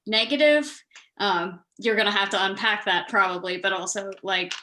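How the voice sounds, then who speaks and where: A woman's voice: medium pitch, moderate pace, bright, forceful tone. A woman speaking as a podcast guest in a casual roundtable discussion, friendly and easygoing.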